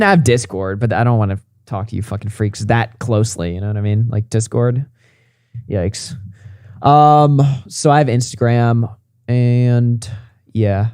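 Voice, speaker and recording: A man's voice: mid-range voice, darkish tone, clean tone, dry recording. A male livestream host, tired and close to a morning voice, signing off in rambling, profane casual chat.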